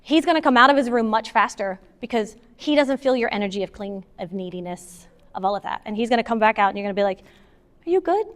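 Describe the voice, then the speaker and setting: A woman giving a casual, animated talk to a moms' group, taking audience questions and acting out what partners say. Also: medium pitch, fast. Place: meeting hall with an audience. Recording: long hall reverb.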